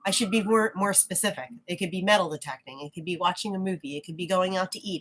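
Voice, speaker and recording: Woman vlogger, lower pitch, frank reflective monologue with halting restarts. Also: fairly bright tone. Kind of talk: casual spoken monologue.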